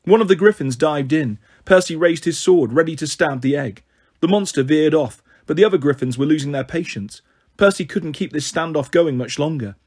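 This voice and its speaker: A man reading a novel aloud as a narrator, in a steady, even storytelling manner. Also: on the high side, moderate pace, husky. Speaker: audiobook narrator.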